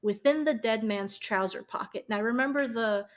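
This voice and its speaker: A woman's voice: fairly high pitch, normal speed. A young woman co-hosting a podcast who recaps a true-crime case in casual storytelling, laughing often, stumbling over words and correcting herself with frequent ums. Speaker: podcast co-host.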